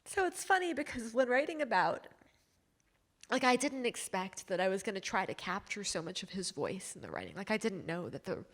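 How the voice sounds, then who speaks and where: A woman's voice: mid-range voice, very animated, fairly quick, a bit bright. A woman author being interviewed on stage before an audience, speaking reflectively and openly about her emotions. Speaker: author and journalist guest. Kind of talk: onstage interview. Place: community stage event with audience.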